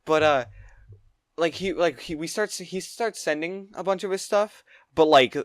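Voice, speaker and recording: A man co-hosting a podcast, telling a long story in casual chat, rambling and excitable, with plenty of swearing. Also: fairly high pitch, measured pace, no echo. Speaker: podcast co-host.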